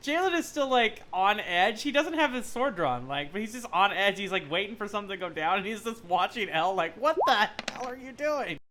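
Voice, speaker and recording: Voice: mid-range voice, brisk, few pauses, a little hiss or hum. A tabletop game player describing their character's actions expressively. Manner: expressive, laughs often. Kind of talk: casual tabletop game chat.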